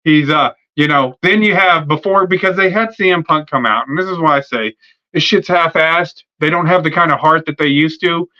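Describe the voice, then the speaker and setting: A man with a raised, bright, edgy voice riffs casually, swearing and stumbling over fillers as he lays out how he'd book the show. The stream audio sounds dull and lo-fi. It comes across as an unscripted solo rant. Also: a little high, moderate pace. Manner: profane, rambling, filler-heavy. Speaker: wrestling podcast host. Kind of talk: casual fantasy-booking rant. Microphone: streaming setup mic.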